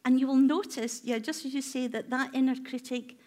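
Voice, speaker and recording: A woman's voice: high-pitched, steady tone, fairly quick, darkish tone. A woman therapist giving a workshop talk, asking her audience many reflective questions in a conversational way with filler ums.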